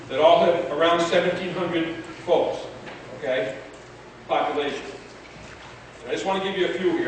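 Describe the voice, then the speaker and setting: Emphatic man speaking in an echoey hall. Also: high voice. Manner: emphatic, repeating key points. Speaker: town meeting speaker, former selectman. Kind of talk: impassioned public comment. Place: large hall, town meeting. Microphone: room mic from afar. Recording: echoey distant hall sound with noise.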